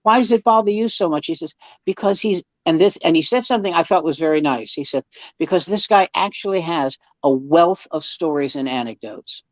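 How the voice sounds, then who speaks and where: With a fairly high voice and a brisk pace, a man appearing as a comedian guest tells stories conversationally, dramatizing quoted dialogue and often restarting his sentences. The lo-fi recording is dull and dry.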